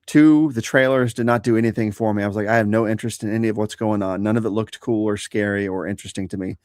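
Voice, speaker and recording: A man co-hosting a live-streamed podcast, giving laid-back, measured opinions in casual chat. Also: fairly low pitch, steady tone, darkish tone, no room sound, clean studio sound. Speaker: podcast co-host.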